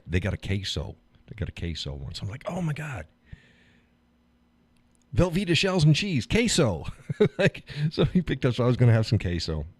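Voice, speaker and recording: A man hosting a live stream, chatting casually about food and his day, laughing often and talking in an animated, blunt way with some swearing. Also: very deep voice, dry recording. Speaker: live stream show host. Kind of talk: casual chat reading viewer comments.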